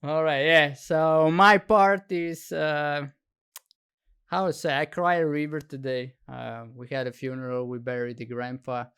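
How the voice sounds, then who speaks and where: A man's voice: medium pitch, flat delivery, normal speed, creaky, fairly bright tone, clear, resonant tone. A man hosting a podcast in casual chat, laughing often and leaning on "you know" as he talks. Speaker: podcast host.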